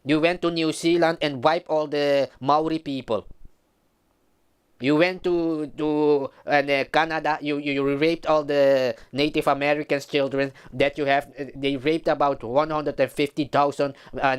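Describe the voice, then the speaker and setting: Heated man with a smooth voice. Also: a little high, fairly even intonation, moderate pace. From Suriname. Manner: emphatic, heated, preachy. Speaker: commentator. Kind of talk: ranting commentary vlog.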